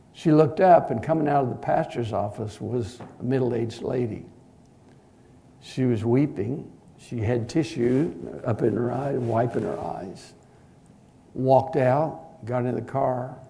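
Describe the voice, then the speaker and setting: A man's voice: medium pitch, creaky. Earnest preacher man telling a story. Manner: earnest, direct, swinging between loud and quiet. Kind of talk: sermon with storytelling.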